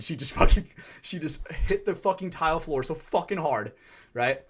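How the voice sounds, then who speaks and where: A young man co-hosting a casual podcast, telling stories in an animated, profane way. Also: fairly high pitch, brisk, husky. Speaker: podcast co-host.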